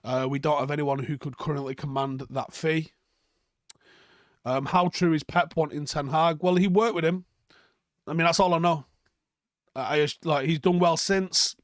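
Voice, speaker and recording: This is a young man, chatting casually on a live stream, his voice sitting a little high for a man. He rambles, fills gaps with ums, and swears without a second thought. The sound is close and dry, with no room echo. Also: fairly even intonation, moderate pace, long pauses. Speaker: fan channel host reading live chat.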